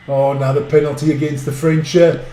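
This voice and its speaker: A man giving casual live rugby commentary, blunt and swearing, ranting between plays and cheering loudly when excited. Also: a little high, brisk, a little hiss or hum. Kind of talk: casual live sports commentary with viewer chat.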